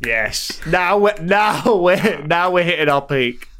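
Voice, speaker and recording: A man's voice: a little high, expressive, slow, background noise. A man co-hosting a comedy podcast, bantering in a dry, mocking way at his desk mic. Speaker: podcast co-host. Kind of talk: bickering comedy podcast chat. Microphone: home studio mic at a desk.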